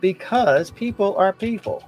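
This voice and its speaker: A man hosting a livestream, hyped and exuberant, jumping from shouts to hushed asides. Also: sits high, a little slow, soft background music. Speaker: host. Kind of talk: energetic livestream chat.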